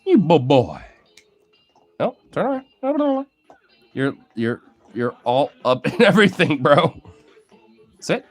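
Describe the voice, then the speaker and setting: Excitable pet-owner type, man, lively voice that swoops high and low, baby-talks his dogs, cusses casually. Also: measured pace, pauses often, soft background music. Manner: excitable, cooing baby talk to pets, bursts of laughter, casual swearing. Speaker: video creator talking to his dogs. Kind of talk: casual commentary over pet footage.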